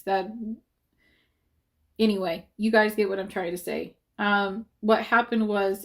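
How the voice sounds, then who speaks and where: A woman talking casually to her viewers, rambling with many fillers and self-corrections, upset and defensive, close to tears at times. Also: mid-range voice. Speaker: vlogger.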